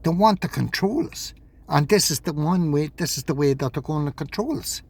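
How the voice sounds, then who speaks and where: A man's voice: fairly high pitch, animated, moderate pace, a little mellow, breathy edge. A man talking in a rambling vlog monologue, agitated, swearing and repeating himself. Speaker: vlogger.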